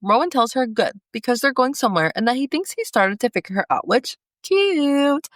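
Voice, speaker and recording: A woman's voice: a little high, sing-song, normal speed, fairly bright tone, dry recording. A young woman co-hosting a book podcast, recapping chapters with gushing asides and laughing as she gets emotional. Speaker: podcast co-host. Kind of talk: book recap podcast, reading passages aloud.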